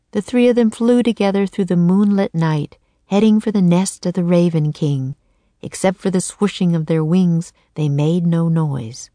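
A woman narrating a children's chapter book in a clear, measured storytelling manner. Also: fairly low pitch, dark tone, no echo. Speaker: audiobook narrator. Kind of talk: children's audiobook reading.

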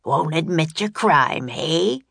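A woman reading an audiobook, voicing a grouchy male palace guard who barks loud, threatening orders. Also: sits low, animated, slow pace, gravelly, no echo, full character voice. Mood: angry barking.

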